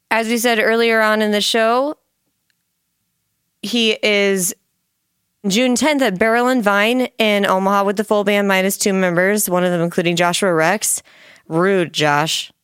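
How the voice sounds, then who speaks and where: Woman host, casual and teasing; smooth, crisp tone, dry room. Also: mid-range voice, fairly bright tone, dry recording. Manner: playful, teasing, laughs often. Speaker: podcast host. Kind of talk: casual interview chat.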